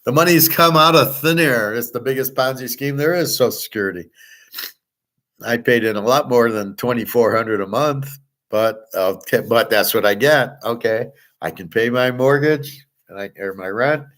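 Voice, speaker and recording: An older man talks in a loose, rambling monologue as the host of his own show. He is blunt and swears freely, firing off rhetorical questions in a mid-pitched voice. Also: moderate pace, a bit bright. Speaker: sports betting and gold commentary host.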